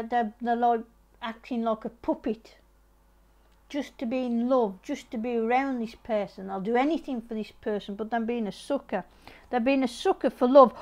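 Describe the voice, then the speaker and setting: Lady in her middle years doing a casual tarot reading, a bit high-voiced, keeps repeating and restarting, gentle advice. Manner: repetitive, restarting, gently advising. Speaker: tarot reader.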